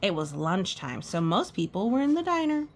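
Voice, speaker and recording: A woman's voice: medium pitch, very animated, moderate pace. A woman reading a picture book aloud at storytime, exclaiming and pointing out the pictures. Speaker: storytime reader.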